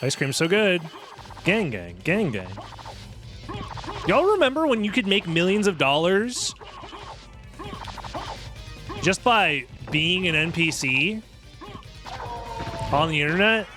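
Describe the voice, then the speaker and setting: Lively joking young male streamer. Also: sits high, a little slow, long pauses, over music. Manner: rambling, joking, self-deprecating, swears freely. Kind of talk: casual commentary while gaming.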